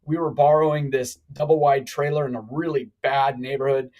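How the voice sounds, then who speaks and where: A middle-aged man telling a long story on a live talk show, animated and rambling, with many restarts. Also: medium pitch, brisk, highs cut off. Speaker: guest.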